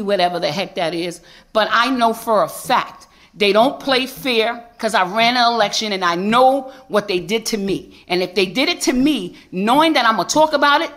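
A woman's voice: fairly high pitch, a bit bright. Fiery woman street preacher testifying. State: angry. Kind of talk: impassioned public testimony.

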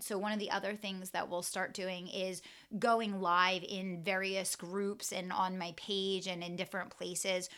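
A woman speaks alone as the host of her business podcast, at a middle pitch for a woman. She talks earnestly, piling up lists and saying the same point again in new words. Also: sharp tone. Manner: earnest, speaks in repeated lists and restated phrases. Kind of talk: solo podcast monologue.

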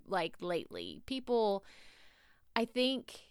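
A woman's voice: mid-range voice, wildly swooping pitch, slow, smooth, dry recording, clean studio sound. A woman with a Texas drawl hosting a solo podcast, giving chatty, direct tough-love advice to listeners she calls y'all. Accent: Texan Southern. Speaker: podcast host.

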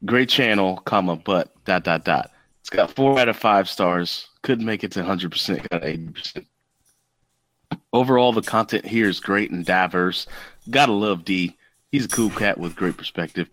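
A man's voice: deep voice, normal speed, a bit bright, dry recording, voice pushed down. Man putting on a backwoods reviewer voice. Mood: mocking. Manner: reads a listener review aloud in a mock voice. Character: backwoods male podcast reviewer, blunt.

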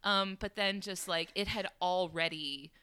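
Podcast guest, woman: crisp voice, dry close mic, chatty storyteller, lots of fillers. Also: medium pitch, moderate pace, no echo. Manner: animated, laughing often, many fillers. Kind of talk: casual storytelling chat. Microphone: home podcast microphone.

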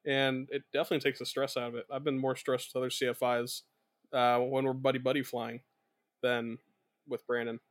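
Easygoing young man, mid-pitched voice. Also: flat delivery, brisk. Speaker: podcast co-host, pilot. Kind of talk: casual podcast chat.

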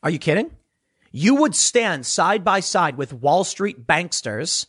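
A male commentator holding forth in a sarcastic monologue. His voice sits high and sounds husky, and it rises and falls in big, lively swings. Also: slow. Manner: animated, sarcastic, mocking voices of others. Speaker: political commentator. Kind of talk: opinion monologue.

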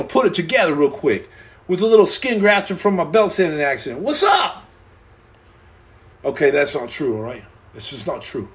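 A young man hosting a livestream from a room at home, answering viewer comments with boastful deadpan jokes and tall tales. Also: high-pitched. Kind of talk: joking livestream chat.

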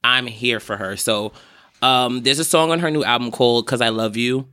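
A man's voice: medium pitch, moderate pace, pushed and bright, smooth. A young man co-hosting a casual chat, enthusiastic and slangy as he hypes a singer. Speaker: podcast co-host.

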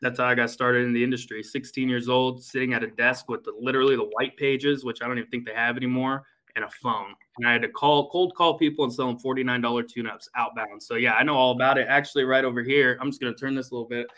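Man, business owner, energetic, blunt, swears a lot, quick talker, bright tone, talking from his office. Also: mid-range voice, rough recording. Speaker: HVAC company owner. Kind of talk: casual business podcast chat.

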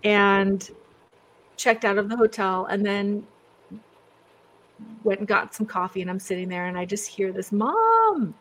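A woman's voice: medium pitch, level tone, unhurried, long pauses, fairly bright tone. A woman speaks as a guest over a video call. She is chatty, breaks off her own sentences and laughs often. Her voice sits in a middle range.

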